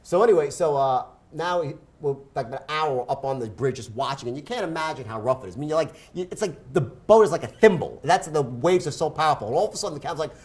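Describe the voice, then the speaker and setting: A man's voice: fairly high pitch, animated, a little mellow. A man telling a dramatic personal anecdote on stage, in punchy bursts peppered with "right?" and "so anyway". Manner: fast, punchy storytelling with frequent "right?" and "so anyway". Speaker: speaker and author.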